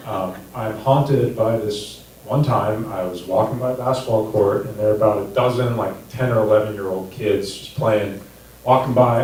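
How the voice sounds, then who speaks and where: A man in his thirties doing a stand-up comedy set, crude and self-deprecating with a deadpan delivery. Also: on the low side. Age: 30s. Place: comedy club stage. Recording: echoey distant room recording with noise.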